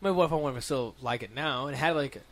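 A man chatting casually in a rambling, profane, animated way. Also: mid-range voice, very fast. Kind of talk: casual podcast chat.

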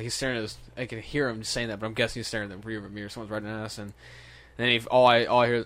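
A man's voice: mid-range voice, fairly even intonation, fast talker, a bit bright. A young man in casual, profane banter, laughing as he tells a road story with acted quotes.

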